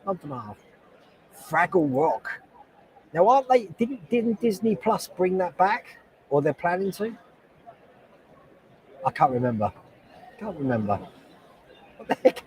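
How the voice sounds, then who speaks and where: A man, hosting a casual livestream from a loud convention hall on a noise-cancelling headset, chatting in a rambling way and reading comments aloud. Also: high-pitched, very animated, unhurried, pauses often. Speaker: host.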